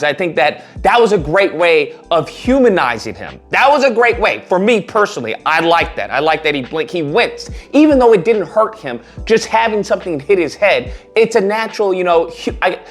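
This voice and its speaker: Man, casual online commentary, animated, mocking asides, lively pitch. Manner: animated, mocks others in a high put-on voice.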